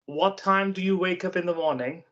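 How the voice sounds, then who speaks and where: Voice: medium pitch, moderate pace, a bit bright. An adult interviewer with a mid-range voice runs a casual English practice chat. They speak hesitantly, stopping often for fillers, and patiently explain ideas. The audio is slightly dull and lo-fi.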